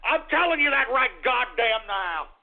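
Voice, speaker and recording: Male talk radio host, theatrical exasperated rant, raspy fry in a high voice, tinny lo-fi stream. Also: sing-song, normal speed, soft background music. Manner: exasperated, theatrical ranting, cursing at listeners. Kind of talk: ranting talk radio sign-off.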